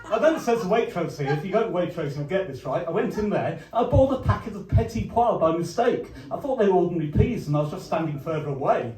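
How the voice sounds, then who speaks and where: An older man doing deadpan stand-up one-liners with rambling asides in a pub venue. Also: high voice. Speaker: comedian. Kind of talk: stand-up comedy with comic songs. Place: live comedy venue, pub. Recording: roomy live gig recording from a distance. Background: guitar accompaniment.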